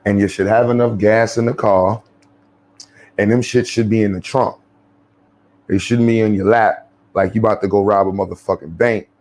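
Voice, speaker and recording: A man's voice: on the low side, fairly even intonation, normal speed, a little mellow. A man with a New York accent giving blunt, profane, slangy commentary as a vlogger.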